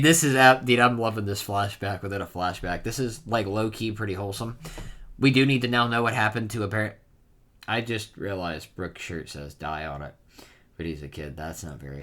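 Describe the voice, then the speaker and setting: A man's voice: lowish voice, fairly bright tone. A man giving casual reaction commentary on a manga chapter, rambling with many fillers.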